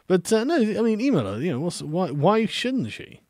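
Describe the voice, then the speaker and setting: A man hosting a casual live stream, reading out viewer messages and answering them in a relaxed, hesitant way with frequent ums and easy laughs. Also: sits high, moderate pace, dry recording, clean studio sound.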